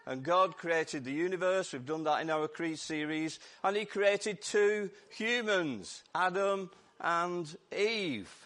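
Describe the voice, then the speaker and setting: A man with a Lancashire accent preaching a lively, jokey Easter sermon to his church while his voice goes hoarse. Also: high voice, slow, few pauses. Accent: Lancashire English. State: voice going hoarse. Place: church service.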